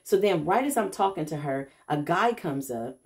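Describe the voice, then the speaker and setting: A woman's voice: sits low, lively intonation, moderate pace. A middle-aged woman, a self-described healer, telling a casual vlog story and acting out the people she quotes, calling viewers y'all.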